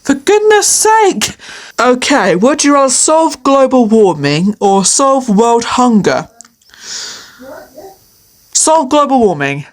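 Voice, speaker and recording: Slow and sing-song, with a fairly high pitch and long pauses, this woman works through a quiz alone as a video creator. She chats casually, playful yet hesitant, using lots of fillers and laughing often.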